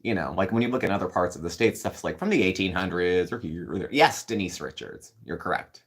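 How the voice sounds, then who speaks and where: A man's voice: low voice, lively intonation, brisk. A man hosting a casual live stream, rambling along and answering viewer comments as they come in. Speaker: host.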